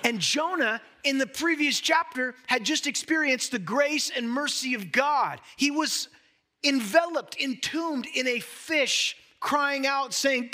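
Man, pastor, sermon, bright tone, emphatic conversational delivery, direct questions to listeners. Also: very high voice, animated, a little slow.

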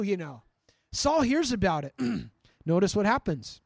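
A male pastor teaching a sermon in a conversational, animated way, acting out scripture and talking straight to his listeners. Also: high voice, moderate pace, no echo, studio quality. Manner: frequent restarts and asides to listeners.

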